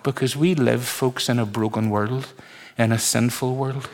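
Male preacher, mid-pitched voice, lively and emphatic sermon delivery. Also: measured pace, few pauses.

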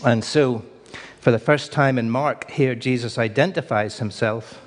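A man preaching a sermon, telling the story with dramatic pauses and wry humour. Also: mid-range voice. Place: church. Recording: long church reverb.

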